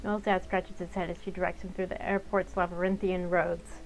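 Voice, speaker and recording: A young woman who hosts a gaming channel narrates a visual novel in a let's-play, chatting casually between lines with fillers. Her voice is lowish and level-toned at a moderate pace, and the rough recording has slight background noise.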